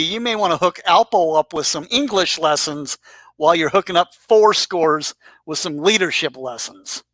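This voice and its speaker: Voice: medium pitch, a bit bright, no echo. A YouTube commentator talking casually and crudely as he roasts the regulars of a live-stream chat, teasing and rambling. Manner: rambling with restarts. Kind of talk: casual profane roast monologue.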